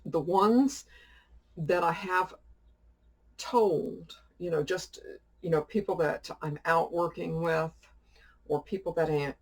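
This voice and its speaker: A woman's voice: fairly low pitch, slow pace, pauses often. A woman chatting casually as she shows off a shopping haul and tells a rambling story, laughing often. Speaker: witchcraft YouTuber showing a shopping haul. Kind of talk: casual chat.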